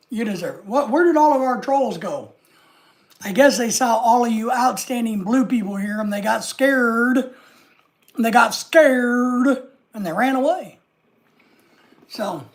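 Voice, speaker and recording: A woman hosting a casual live stream, rambling and reading viewer comments aloud. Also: on the high side.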